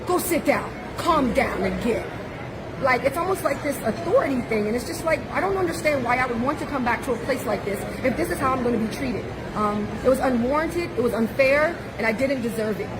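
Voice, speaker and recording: A woman's voice: sits high, expressive, quick pace, hardly any pauses, loud music behind the voice, poor audio. A woman from the United States, a tourist telling a street interviewer about her upsetting experience, earnest and hurt, with many restarts. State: upset, near tears. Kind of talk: emotional street interview account. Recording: loud crowd and traffic noise. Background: loud crowd and passing vehicles.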